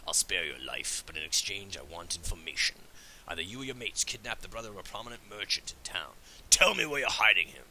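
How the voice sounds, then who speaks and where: A man voicing a gruff, menacing male orc warlord in a low, half-whispered voice. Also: animated, fast talker, sharp tone, a little hiss or hum, full character voice, poor audio.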